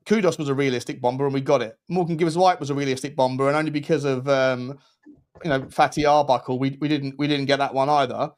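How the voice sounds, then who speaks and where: Man, football watchalong host, chatty, rambling, slightly high voice. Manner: rambling, restarts phrases, chatty. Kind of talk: casual football watchalong chat.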